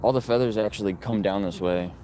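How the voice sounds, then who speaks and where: Streamer, male, low voice, earnest street livestream on a phone, traffic rumbling behind. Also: brisk, warm tone. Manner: earnest, talking while walking and filming. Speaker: animal rights activist livestreamer. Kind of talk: casual livestream talking to viewers. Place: outdoors on a residential street by traffic.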